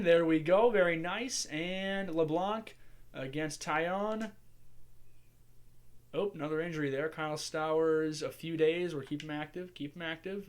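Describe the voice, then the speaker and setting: A man hosting a gaming channel, musing aloud in casual commentary as he manages a baseball sim from a home desk mic. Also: fairly high pitch. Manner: chatty, musing aloud while playing.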